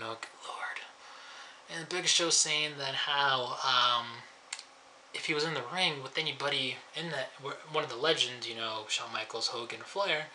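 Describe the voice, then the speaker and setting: A man's voice: mid-range voice, bright, forceful tone, a little hiss or hum. A man giving a rambling, sarcastic casual review, chuckling at his own jokes. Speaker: wrestling show reviewer.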